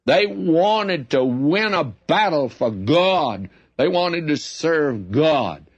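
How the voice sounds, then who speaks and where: A man's voice: fairly high pitch, lively intonation, takes it slowly, slightly rough, no room sound. Man, preacher, folksy emphatic Bible teaching, dry close sound, dull lo-fi recording. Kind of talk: radio Bible teaching sermon.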